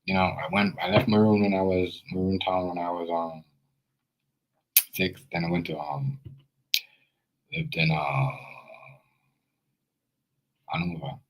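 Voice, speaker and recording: A man's voice: low voice, little pitch movement, measured pace, long pauses, low-quality recording. A young Jamaican man with a Jamaican accent telling his own story in a loose, rambling way, full of fillers and restarts. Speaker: video creator. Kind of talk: casual personal storytelling.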